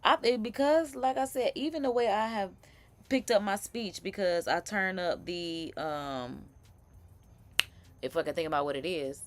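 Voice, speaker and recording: A woman's voice: mid-range voice, a little slow, slight background noise. A young woman hosting a casual live chat, chatty and rambling, with laughing asides and many restarts. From Florida. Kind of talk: casual commentary.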